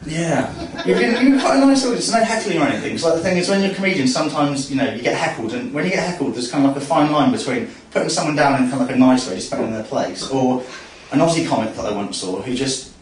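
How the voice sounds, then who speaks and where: A man's voice: a little high, animated, fast, a little hiss or hum. A man doing a stand-up comedy set, rambling and self-mocking, with lots of fillers. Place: comedy club stage before a laughing audience. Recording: echoey live club recording from far off with crowd laughter.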